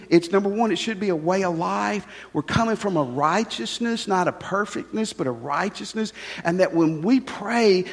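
An older man preaching, his voice sitting a little high for a man. He talks in a folksy, conversational way, asking the congregation questions. The sound carries a long reverb from the church hall. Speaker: pastor. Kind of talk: sermon. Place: church sanctuary.

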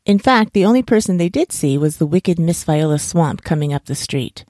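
A woman reading a children's bedtime story aloud for her podcast in a calm, even way. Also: lowish voice, moderate pace, dry recording, clean studio sound.

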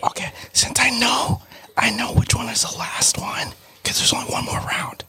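A man's voice: extremely high pitch, normal speed, pushed and bright, slightly rough, in a whisper. A man co-hosting a podcast, chatting with friends in a playful, teasing way and laughing often. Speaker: podcast co-host. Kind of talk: casual chat among friends.

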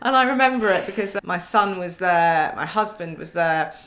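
A woman's voice: fairly low pitch, expressive, moderate pace, fairly bright tone, a little hiss or hum. A woman in her forties chatting as a podcast guest, wry and self-mocking, often laughing as she talks. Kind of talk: casual chat.

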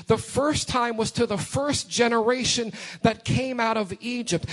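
A man's voice: very high voice, a little slow, hardly any pauses, fairly bright tone. A man in his forties preaching a sermon in church, asking the congregation questions and repeating lines for emphasis. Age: 40s. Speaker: pastor. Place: church sanctuary.

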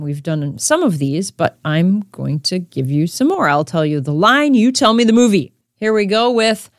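A woman hosting a casual quiz podcast, with a lowish voice that swings through a very lively range. She chats straight to the listener in a dry, close recording with faint music underneath. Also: moderate pace, few pauses, no echo. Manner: chatty, talks straight to the listener. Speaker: podcast host.

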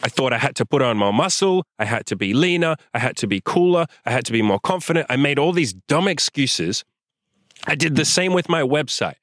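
A young man delivers a blunt, swear-heavy motivational rant, pushing and scolding his listener. His voice sits in a middle pitch, and the sound is dry and close with no room around it. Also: animated, brisk, dry recording. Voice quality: swears a lot, forceful and direct. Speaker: host. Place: outdoors in sunlight.

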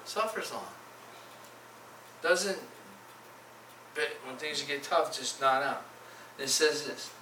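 A man preaching a sermon in an animated way, with restarts and dramatic pauses. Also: mid-range voice, slight background noise. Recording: echoey room, mic from far off.

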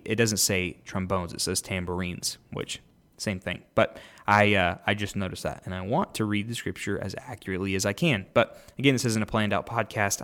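A man reads scripture aloud on his podcast in a fairly low voice. Every so often he breaks off to comment in a relaxed, self-correcting way before picking the reading back up. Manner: casual, self-correcting, reads aloud then pauses to explain. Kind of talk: unscripted Bible reading with commentary.

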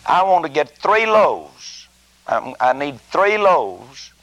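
Preacher voicing a desperate man pleading for bread, raised gravelly pitch. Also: big pitch swings, slow pace, a bit bright, no room sound, exaggerated voice, low-quality recording. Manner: pleading, insistent.

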